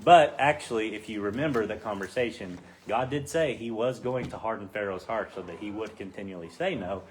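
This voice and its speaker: A man leading a casual Bible study, acting out the quoted voices with rising pitch. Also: fairly quick, slight background noise.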